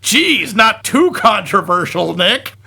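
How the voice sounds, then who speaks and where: A man's voice: sits high, very animated, slow, gravelly, pushed and bright, slight background noise. A man co-hosting a film podcast, chatting casually and joking wryly while reading listener comments aloud. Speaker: podcast co-host.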